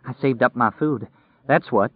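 A man voicing a starving, desperate male prisoner who pleads in a high-strung whine, recorded with a tinny, phone-like sound. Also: normal speed, husky, no echo, close to an everyday voice. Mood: pleading, terrified.

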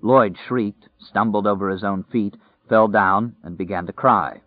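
A man's voice: on the low side, dry recording. Man narrating, tinny and dry. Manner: steady, measured storytelling. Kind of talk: scripted audiobook narration. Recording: dry, tinny phone-like sound.

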